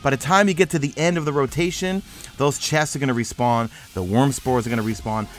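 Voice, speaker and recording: A man's voice: mid-range voice, fairly quick. A young man with a New York accent, sleepy and rambling as he narrates a game walkthrough. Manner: rambling, energetic, self-mocking. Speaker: gaming YouTuber.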